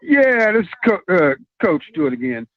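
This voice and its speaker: A male caller to a talk show making an earnest point, halting and full of "uh" pauses. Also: sits high, sing-song. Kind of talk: earnest call-in commentary. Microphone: phone. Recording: tinny phone line.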